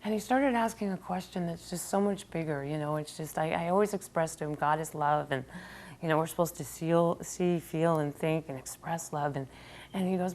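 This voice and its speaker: A woman's voice: fairly low pitch, fairly quick. A woman, a mother, tells a heartfelt personal story and quotes her young son's questions.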